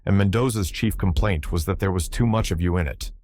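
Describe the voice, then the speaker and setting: A man voices a curt, brisk film director in a storybook reading. Deep, dry delivery with clipped replies. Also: a little mellow, no echo. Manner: short and curt.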